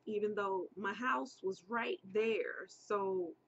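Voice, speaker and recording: A young woman telling a personal story in a casual, animated way, jumping up high when she quotes people. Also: slow, slightly rough, lo-fi sound. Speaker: vlogger.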